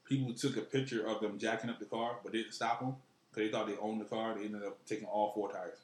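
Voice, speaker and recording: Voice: medium pitch, fairly even intonation, fast, roomy sound, slight background noise. A podcast co-host chatting casually, laid-back and often laughing along. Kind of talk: casual chat.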